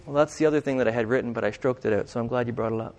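A man's voice: mid-range voice, very fast, a little mellow, big-room sound, slight background noise. A male pastor preaching a conversational sermon, often putting questions to his congregation. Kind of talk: interactive sermon.

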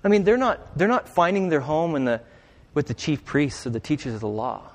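A man preaches in a relaxed, conversational way and keeps drawing his listeners in with questions. His voice sits a little high for a man. The sound carries a long reverb tail from a large church space. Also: fairly quick. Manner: conversational, asks the congregation questions. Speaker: pastor. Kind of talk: interactive sermon.

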